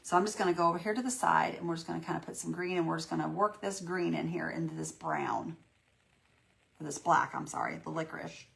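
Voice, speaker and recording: A woman's voice: low-pitched, steady tone, fast talker, vocal fry, a bit bright. A woman hosting a casual live painting tutorial, folksy and chatty, greeting viewers by name and talking herself through each step. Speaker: craft livestream host.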